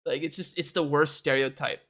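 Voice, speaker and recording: A man's voice: fairly high pitch, fairly even intonation, a little fast, a bit bright. A young man chatting casually on a live stream, rambling and laughing often. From Canada. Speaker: livestreamer.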